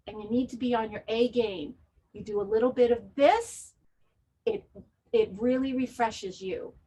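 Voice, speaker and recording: A woman presenting as a laughter yoga instructor, calmly explaining the health benefits of laughter and leading breathing and forced laughter exercises. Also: on the high side. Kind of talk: guided wellness presentation.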